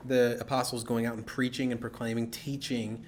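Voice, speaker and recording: A man of medium pitch breaks in with short, easygoing remarks in a casual talk. A faint noise sits behind his voice. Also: flat delivery, brisk. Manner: brief agreeing interjections. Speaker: podcast co-host. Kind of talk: casual chat.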